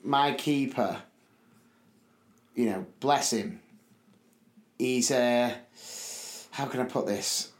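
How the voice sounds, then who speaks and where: A man, co-hosting a podcast in casual chat and telling stories with lively, loud bursts. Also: medium pitch, slow, long pauses. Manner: lively storytelling, loud bursts when acting out his shouting. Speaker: podcast co-host. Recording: roomy echo.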